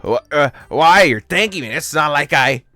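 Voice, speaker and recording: A woman's voice: low voice, animated, moderate pace, pushed and bright, dry recording. A woman voicing a prickly, defensive teenage girl in a casual game read-along. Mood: huffy. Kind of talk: casual voice acting.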